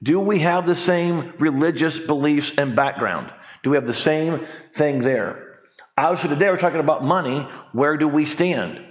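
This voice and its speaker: In a church hall, a financial coach in his forties chats through his class, spinning animated stories, performing the voices he quotes, and joking along the way. He speaks at normal speed in a fairly high voice.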